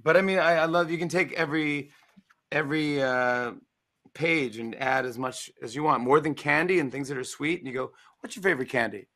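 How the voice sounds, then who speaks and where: Playful man in his forties, guest author, bright lively delivery. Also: fairly high pitch, normal speed. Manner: animated, playful, acts out lines. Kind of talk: casual interview chat.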